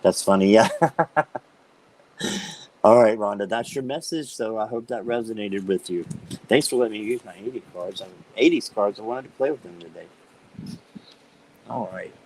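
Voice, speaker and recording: A man hosting a live stream, chatting casually with viewers by name and reading tarot cards, upbeat and quick to laugh. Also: lowish voice, a little mellow, poor audio. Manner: chatty and upbeat, laughs often while talking; talks directly to viewers by name.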